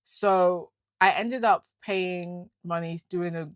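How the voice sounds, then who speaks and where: A young woman from the UK speaks candidly into a close, dry microphone with a fairly low voice. Her talk is casual and full of slang. She swings between quiet, weary asides and loud, indignant venting. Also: fairly even intonation, takes it slowly, dry recording. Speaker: vlogger. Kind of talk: candid personal storytelling to camera.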